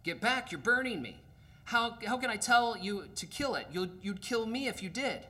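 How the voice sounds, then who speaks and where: Man doing a high, bright, whining ghost, cowardly and flustered. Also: lively intonation, a little fast. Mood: panicked. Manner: nervous, flustered excuses. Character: frightened evasive male ghost, pleading and whining.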